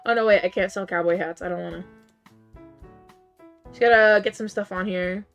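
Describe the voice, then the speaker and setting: A woman plays a game while chatting casually with her live chat, her voice worn and strained as she loses. She responds to chat and often leaps into high, disbelieving outbursts. Her intonation is fairly even, her speed normal, her tone a bit bright, with soft music in the background.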